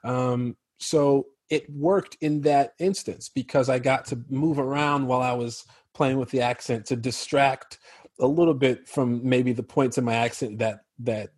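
Husky-voiced American man, dry sound. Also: mid-range voice, unhurried, dry recording. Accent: General American. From Chicago. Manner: relaxed, laughs easily, many fillers. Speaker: actor guest. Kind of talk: casual interview chat.

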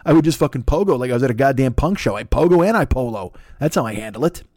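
A man's voice: mid-range voice, lively intonation, fast, darkish tone, dry recording, studio quality. An older man hosting a solo podcast, rambling through crude, self-mocking riffs into a desk mic plugged into a laptop. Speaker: podcast host. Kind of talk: profane solo podcast monologue.

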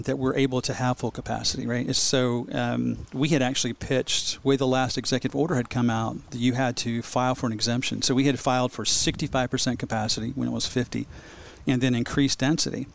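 A man's voice: mid-range voice, steady tone, a little fast, gravelly, few pauses. A middle-aged man, a speedway general manager, chatting casually on a podcast and telling stories with quoted voices. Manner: storytelling, acts out quoted voices.

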